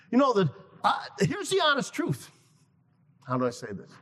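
A man preaching a sermon to a congregation, emphatic, repeating key lines slowly for effect. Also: very high voice, wildly swooping pitch, fairly bright tone, slightly rough. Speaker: guest preacher. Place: church sanctuary. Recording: long reverb of a large hall.

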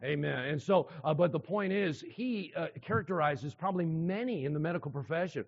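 A man's voice: a little high, fairly quick, creaky, few pauses. A man preaching a sermon to a congregation, emphatic, repeating key phrases and asking the listeners questions. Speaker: pastor. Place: church hall with a congregation. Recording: dull sound with long hall reverb.

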